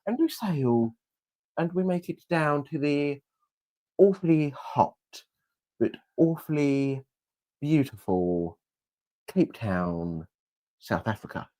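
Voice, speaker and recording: A man's voice: a little high, animated, slow pace, pauses often, mellow, no room sound. A young man improvising a comedic travel story as co-host, playful and laughing often. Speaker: podcast co-host.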